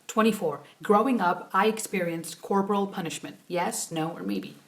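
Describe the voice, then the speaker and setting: A young woman vlogging as she takes a quiz. She reads the questions softly and then rambles through her answers in animated rants. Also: mid-range voice, moderate pace. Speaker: YouTuber. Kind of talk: casual vlog chat, taking a quiz.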